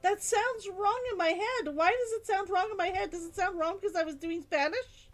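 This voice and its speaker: A woman's voice: extremely high pitch, normal speed, faint music behind. A woman streamer chatting casually on a live stream, musing aloud and reading out chat comments.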